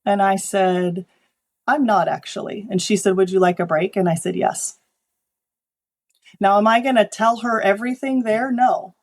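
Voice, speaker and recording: A woman photographer chats as an interview guest, her pitch sitting right in the ordinary middle. She tells stories from her shoots with lively energy and briefly takes on the voices of clients and colleagues. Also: unhurried, long pauses. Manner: animated storytelling, acting out quoted people. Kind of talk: conversational interview.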